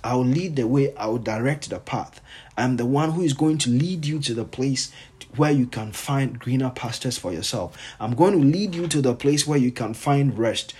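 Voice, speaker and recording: Very husky-voiced male pastor preaching. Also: mid-range voice, moderate pace, a little mellow. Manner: repetitive, emphatic preaching that reads scripture aloud. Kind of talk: sermon.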